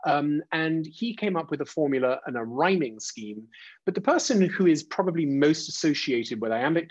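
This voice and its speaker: A man's voice: mid-range voice, slightly rough, dry recording. Man lecturing over a dull call line. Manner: frequent "uh" and "um", restarts; taps out rhythms aloud. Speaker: presenter leading a teacher training webinar. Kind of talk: informal online lecture. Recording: dull, dry, lo-fi video call audio.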